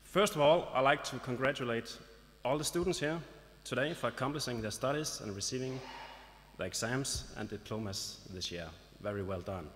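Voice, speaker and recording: A man delivers a formal ceremony speech from a stage microphone, announcing in a measured way and slipping in the odd dry joke. His voice sits at an ordinary pitch for a man. A long reverb trails each phrase, as in a large hall. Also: fairly bright tone. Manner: formal, lightly joking, announcing. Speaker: business association representative.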